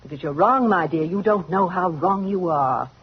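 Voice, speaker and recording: A woman's voice: lowish voice, moderate pace, breathy edge. An actress playing a jealous, spiteful rival woman in a 1940s radio drama, speaking in a mocking, sarcastic drawl. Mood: taunting. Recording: dull lo-fi vintage radio recording.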